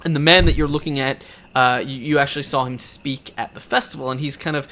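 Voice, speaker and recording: A man's voice: mid-range voice, steady tone, quick pace, pushed and bright. Rambling game master man. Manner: rambling, many fillers and restarts. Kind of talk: narrating a tabletop game.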